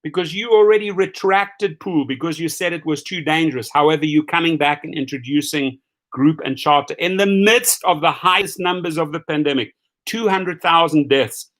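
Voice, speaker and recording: A man hosting a live rideshare stream, ranting and telling stories in a mocking, animated way with casual profanity, speaking straight to his viewers. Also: fairly high pitch. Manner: animated, mocking, swings between shouting and muttering. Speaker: rideshare channel host.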